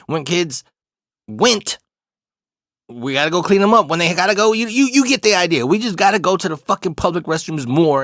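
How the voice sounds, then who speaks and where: A man's voice: high voice, fairly bright tone, no room sound, studio quality. A young adult man casually telling a funny story, swearing a lot and often laughing. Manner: profane, laid-back, laughs often.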